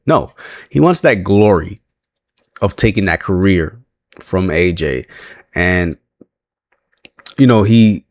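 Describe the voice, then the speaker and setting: A man with a somewhat low voice talks through a wrestling show recap in a loose, rambling way. He laughs often and trips over his sentences. The sound is dry and close, with no room echo. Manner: chatty, laughs often, frequent restarts.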